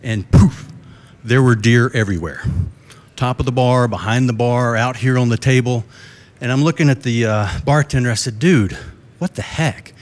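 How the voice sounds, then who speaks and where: A middle-aged man with a drawl gives a keynote on a conference stage, speaking into a stage microphone. He spins folksy jokes and stories and asks the crowd questions. His voice sits at an ordinary middle pitch for a man. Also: normal speed. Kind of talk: live conference talk. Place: conference stage before a live audience.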